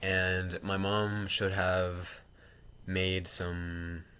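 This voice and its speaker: A man with a low-pitched but very bright, edgy voice rambles through a casual home vlog. He cuts himself off mid-thought and tosses in jokey asides. The sound comes from a laptop's built-in mic. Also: flat delivery, very slow, clean tone. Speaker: vlogger.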